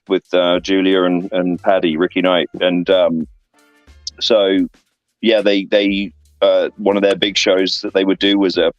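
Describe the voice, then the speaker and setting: A man's voice: low voice, no room sound, lo-fi sound. A man in his thirties with an English accent, a wrestler telling backstage stories in a casual interview, rambling with lots of fillers. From England. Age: 30s. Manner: rambling, filler-heavy anecdotes with lively voiced asides. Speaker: guest, professional wrestler. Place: online interview stream.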